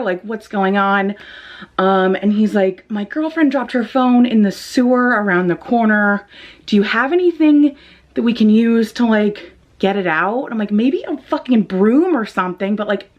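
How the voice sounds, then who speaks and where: A young woman vlogging a storytime, animated and rattled, swearing freely and filling her talk with "like" and "um". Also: a little high. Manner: animated, swearing, lots of fillers. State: shaken. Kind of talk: casual storytime vlog.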